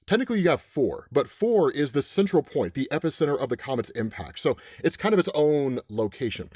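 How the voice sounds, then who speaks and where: Man, casual comic recap, animated and chatty, dry close mic. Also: fairly high pitch, dry recording. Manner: animated, chatty, says "right?" often. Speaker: comic book explainer.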